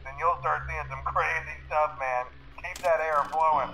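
A man's voice: on the high side, steady tone, moderate pace, sharp tone, a little hiss or hum. An actor playing a laid-back young male coworker leaving phone messages in a horror game, rambling with many fillers. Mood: relaxed. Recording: tinny phone-line recording.

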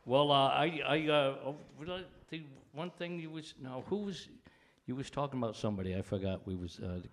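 A man's voice: medium pitch, brisk. Rambling folksy male comedy host. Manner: rambling, folksy, loses his thread. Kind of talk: casual stage banter. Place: studio stage with live audience.

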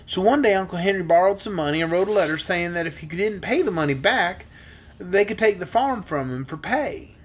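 A man's voice: high-pitched, animated, fairly quick, husky. A man reading a storybook aloud, voicing an earnest young farm girl who talks in plain homespun words. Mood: worried.

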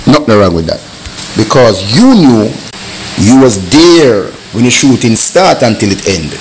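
A man's voice: medium pitch, lively intonation, normal speed, a little hiss or hum, rough recording. A man with a Jamaican accent, speaking in patois and making an indignant rebuttal as a vlogger. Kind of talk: heated commentary rebuttal.

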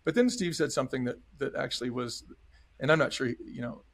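A man's voice: mid-range voice, quick pace, vocal fry. A middle-aged man telling his story as an interview guest in an earnest, emphatic way, often acting out what others said. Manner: earnest, emphatic storyteller who acts out dialogue. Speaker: podcast guest, former restaurant chain executive.

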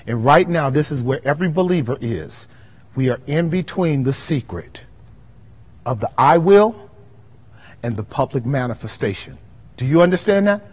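An impassioned male pastor with a high-pitched voice preaches to his congregation and keeps checking that they follow. He swings from loud, soaring bursts down to low, hushed passages. The sound carries a long reverb from a church hall. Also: lively intonation, moderate pace. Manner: impassioned preaching with call-and-response questions. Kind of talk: sermon at a Bible study.

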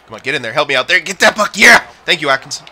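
Young man, gameplay commentary, lively swooping pitch, bright edgy tone, shouts then mutters. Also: racing. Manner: yells and groans at the game, then mutters to himself. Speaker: gaming commentator.

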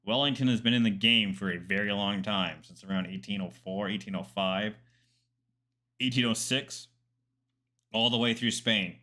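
A man's voice: on the low side, normal speed, pushed and bright. A man, a military historian, commenting casually on a documentary, chatty and digressive with asides and fillers.

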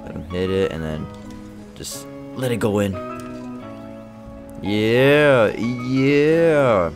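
A young man giving live commentary over his own gameplay, excitable and trash-talking, swinging between muttering and shouting. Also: medium pitch, drawn-out words, music in the background. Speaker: gaming video creator.

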